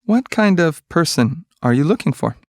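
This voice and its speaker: A man reading short English practice sentences one by one, clearly and evenly. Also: fairly high pitch, no echo, studio quality. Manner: clear, even, measured delivery of single sentences.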